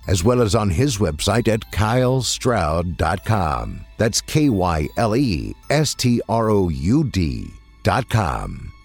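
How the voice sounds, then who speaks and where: A man hosting a horror story podcast, reading a scripted outro in a slow, ominous, deliberate way. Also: lowish voice, a little mellow, breathy edge. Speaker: host.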